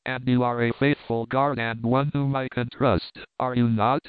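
A man's voice: mid-range voice, flat delivery, normal speed, smooth, no room sound, close to an everyday voice. Angry medieval king, commanding and accusing, read by a man, dry, narrow-band audio. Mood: wrathful. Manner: stern, accusing.

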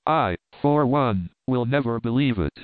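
A man's voice: mid-range voice, lively intonation, unhurried, dry recording, natural voice. Young noble prince, earnest and firm, read by a man; dry, narrow-band audio.

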